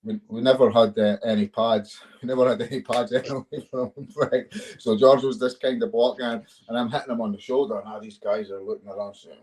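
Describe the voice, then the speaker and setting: A Scottish MMA fighter tells stories in a casual interview, swearing freely and chuckling along the way. His medium-pitched voice is steady, brisk and a little mellow.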